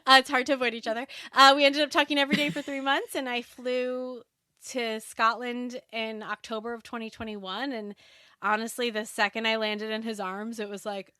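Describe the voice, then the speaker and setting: Bright, animated woman telling a story. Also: fairly high pitch, moderate pace, dry recording, clean studio sound. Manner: animated, laughs often while telling stories. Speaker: podcast guest. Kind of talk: casual storytelling interview.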